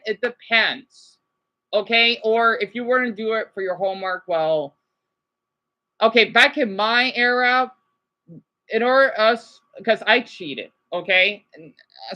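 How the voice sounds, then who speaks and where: A woman's voice: mid-range voice, sharp tone, lo-fi sound. A woman vlogger giving rambling, chatty livestream commentary with frequent restarts and check-ins with the audience.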